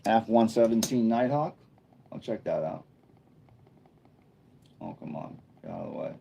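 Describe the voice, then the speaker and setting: A man with a low voice and a dark, mellow tone hosts a casual live stream. He chats loosely and thinks out loud as he reads and answers his viewers' comments. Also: animated, a little slow, creaky, slight background noise. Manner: chatty, thinking aloud while reading viewer chat. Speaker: livestreamer. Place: indoor room under a bright studio light.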